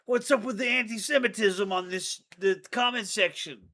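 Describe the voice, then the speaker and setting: A man's voice: sits high, normal speed, sharp tone. A young man hosting a casual livestream chat, joking and laughing easily. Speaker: streamer host.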